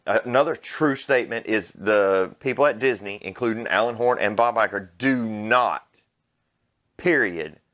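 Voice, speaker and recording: A man's voice: on the low side, a bit bright. A man hosting his own channel, delivering a blunt, mocking, profane opinion rant. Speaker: vlog host. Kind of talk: ranting opinion commentary.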